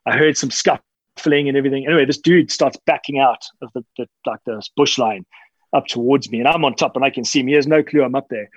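A man, telling stories casually in an interview, relaxed and rambling with many fillers and restarts. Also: mid-range voice, quick pace, breathy edge, dry recording. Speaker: interview guest, dog handler and tracker. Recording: slightly dull lo-fi sound.

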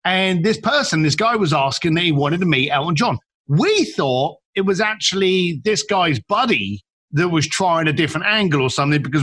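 A man speaks as a podcast guest, with a bright, slightly husky voice. He tells his stories with energy and acts out the people in them. His pitch sits fairly high and swings widely. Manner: acts out quoted people, emphatic, repeats words. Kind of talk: animated storytelling.

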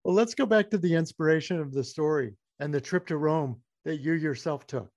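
A man's voice: on the high side, a little fast, a little mellow, no room sound, lo-fi sound. Friendly male interview host, dry sound. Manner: friendly, guiding questions for listeners. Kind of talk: radio interview.

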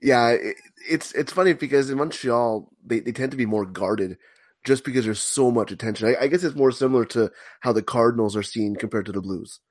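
A man guesting on a sports podcast, talking in a measured, analytical way and often repeating words as he thinks. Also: mid-range voice, no room sound. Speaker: podcast guest, hockey blogger. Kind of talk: casual sports podcast chat.

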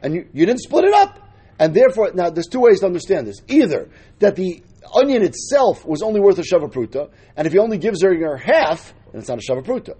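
Lively husky-voiced man teaching Talmud. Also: sits high, fairly quick. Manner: explains step by step, mixing Hebrew and Aramaic terms. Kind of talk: Talmud lesson.

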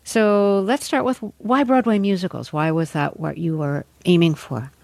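A woman radio host interviewing a guest with thoughtful, measured questions. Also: fairly low pitch, vocal fry, darkish tone, dry recording.

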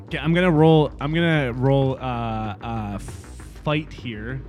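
A man's voice: medium pitch, slow pace, a little mellow, faint music behind. A man playing a tabletop game, eagerly explaining his moves. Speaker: player.

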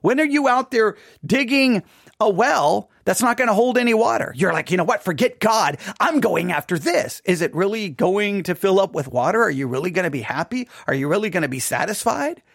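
A man giving an informal Bible study talk, animated, acting out quoted lines with rising emphasis and conversational restarts. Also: sits high, a little fast, vocal fry, no room sound, clean studio sound. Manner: animated, voices God's words with rising emphasis. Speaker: Bible teacher.

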